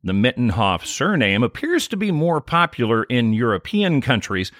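Brief: upbeat man co-host reading recap notes, animated pitch, dry close sound. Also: moderate pace, no echo. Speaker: podcast co-host. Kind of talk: scripted episode recap.

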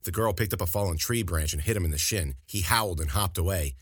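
Deep, husky male audiobook narrator. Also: fast, no room sound, clean studio sound.

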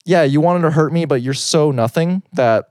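A man co-hosting a podcast in casual chat, animated and laughing often, with plenty of filler words. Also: on the high side, moderate pace, no echo, clean studio sound. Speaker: podcast co-host.

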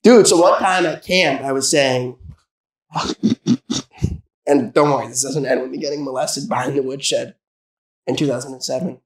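A man's voice: medium pitch, normal speed, long pauses, echoey room. A man telling rambling, joking stories in casual podcast banter as a comedian guest.

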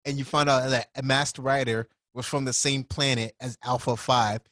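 A man co-hosting a casual chat, animated and slangy, laughing often. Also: medium pitch, normal speed, dry recording, studio quality.

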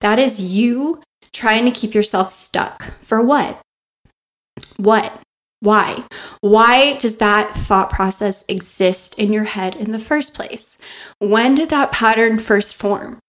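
Close to the mic, a woman with a fairly high voice hosts a self-help podcast, speaking slowly. Her motivational talk is earnest, and she coaches listeners through rhetorical questions.

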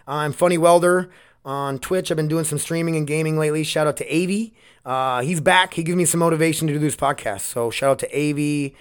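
A man's voice: fairly high pitch, clean tone. A man hosting his own solo podcast, talking casually in a rambling, candid way and swearing often, close on the mic. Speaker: podcast host.

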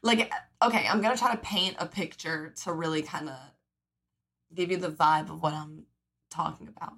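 A woman's voice: low voice, fairly even intonation, moderate pace, gravelly, fairly bright tone, husky. A woman in her twenties hosting a podcast, talking in a casual monologue, acting out the people she quotes, swearing freely, with lots of fillers. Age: 20s. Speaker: podcast host.

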